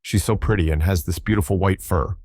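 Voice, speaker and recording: A man's voice: deep voice, brisk, darkish tone, slightly rough, no room sound, clean studio sound. A man voicing a chatty adult female friend passing on gossip in a story reading. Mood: casual.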